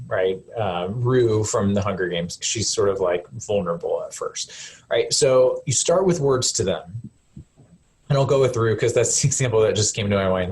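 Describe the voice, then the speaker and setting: A man's voice: medium pitch, a little mellow, a little hiss or hum. A man, a counselor, giving a casual live webinar talk in a conversational way, with lots of fillers and self-corrections.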